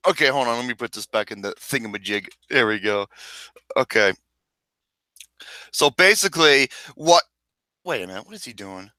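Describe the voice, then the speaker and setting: A man hosting a casual movie chat podcast, loud and excitable, swearing and laughing often. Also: mid-range voice, moderate pace, pauses often, no echo. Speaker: podcast host.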